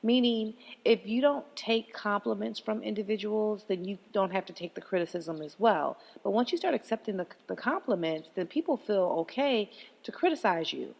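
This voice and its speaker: A woman hosting her own podcast, ranting in a profane, animated way and often breaking into laughter. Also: medium pitch, normal speed, creaky, big-room sound, highs cut off. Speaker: podcast host. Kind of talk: solo podcast rant.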